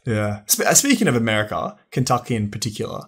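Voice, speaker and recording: A man's voice: fairly low pitch, sing-song, fast talker, a bit bright, breathy edge. A young man co-hosting a podcast, chatting casually and laughing often. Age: young adult. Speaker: podcast co-host. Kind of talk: casual chat.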